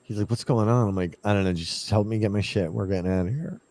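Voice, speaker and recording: A man's voice: lowish voice, quick pace. A man casually telling a ghost story from his investigations, acting out what he and others said. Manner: animated, acts out his own past lines.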